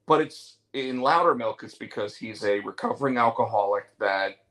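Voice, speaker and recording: Man, podcast host, casual chat, rambling storyteller, average pitch. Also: normal speed, fairly bright tone, low-quality recording. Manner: rambling storyteller, many fillers and restarts. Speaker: show host.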